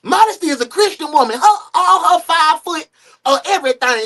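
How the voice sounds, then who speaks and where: Animated man hosting a reaction stream. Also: very high-pitched, normal speed. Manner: animated, joking, swings into loud outbursts. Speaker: live-stream reaction host. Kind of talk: casual reaction commentary.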